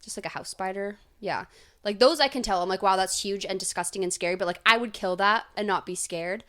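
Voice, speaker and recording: A woman's voice: mid-range voice, fairly quick, pushed and bright. Young female podcast co-host, casual chat, rambling storyteller, heavy on "like".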